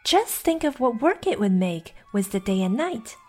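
Timid, well-mannered little girl, read by a woman, lively high voice, soft music behind. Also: moderate pace. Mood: earnest. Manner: timid, polite, eager. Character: polite curious young girl.

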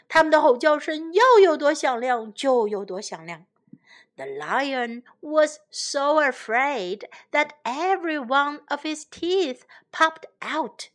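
A woman who teaches English to children, reading a storybook aloud in two languages in a slow, careful, gentle way. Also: sits high.

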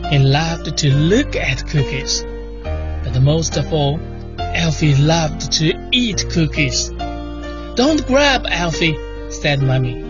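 A slow, unhurried read-aloud of a children's picture book, with the voice leaping higher for each quoted line of dialogue. The recording is dull and lo-fi, with music playing clearly underneath the narration. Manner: lively storybook voice that jumps up in pitch for dialogue. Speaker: storybook reader.

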